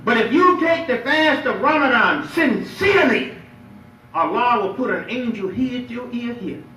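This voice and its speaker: A man preaching a lively Friday sermon as imam, playful and emphatic, drawing responses from the congregation. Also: extremely high pitch, moderate pace, slight background noise. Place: mosque prayer hall. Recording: echoey hall, picked up from far off.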